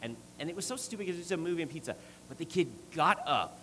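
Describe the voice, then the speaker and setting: A man's voice: fairly high pitch, animated, quick pace, bright, forceful tone, a little hiss or hum, poor audio. A middle-aged man preaching a sermon and telling a family story, with many restarts. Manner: rambling, restarts often, storytelling.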